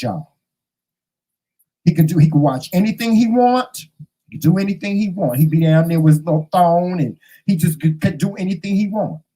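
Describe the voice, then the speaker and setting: A man hosting his own vlog, telling a story in a sassy, animated way straight to his viewers from a room at home. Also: on the high side, slightly rough, poor audio. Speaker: vlog host. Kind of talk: casual chat to camera.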